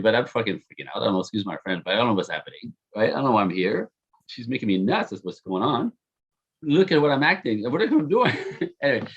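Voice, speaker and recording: A man on a podcast telling the story of how he met his partner, animated and self-mocking, laughing often. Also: mid-range voice, slightly rough, lo-fi sound.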